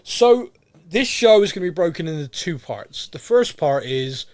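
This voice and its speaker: A man's voice: fairly high pitch, lively intonation, normal speed. A man with a Bristolian accent co-hosting a casual podcast, chatty and laughing at his own jokes. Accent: Bristolian English. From England. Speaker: podcast co-host. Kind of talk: casual chat.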